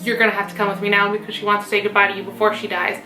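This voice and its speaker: A woman's voice: mid-range voice, completely flat delivery, rapid-fire, pushed and bright, lightly acted. A woman voicing an earnest young village woman, impatient and blunt, with roomy sound and music behind. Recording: roomy room with background music.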